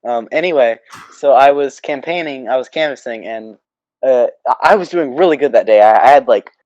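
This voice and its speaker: A young man from Oklahoma, in his late teens, telling stories on a casual podcast, halting and restarting, then getting animated. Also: mid-range voice, dry recording, highs cut off. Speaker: podcast co-host.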